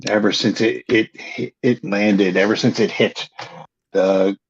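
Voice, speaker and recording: A man voicing a frightened, weeping male village priest who speaks in a shaky, halting, despairing way. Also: on the low side, steady tone, gravelly, a little hiss or hum. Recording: dull lo-fi recording.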